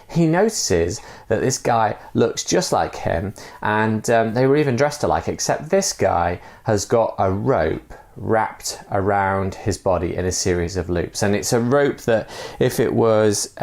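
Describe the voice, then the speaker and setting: A pastor preaching a sermon, telling a fable in a relaxed way with many fillers. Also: male voice, fairly low pitch, creaky.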